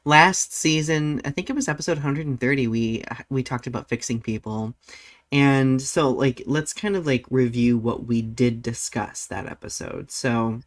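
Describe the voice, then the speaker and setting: A male podcast host with a mid-pitched voice and a lively, chatty manner. He laughs readily and fills his talk with casual fillers as he introduces the topic. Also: moderate pace. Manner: animated, laughs easily, many "like" fillers. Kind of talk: casual chat.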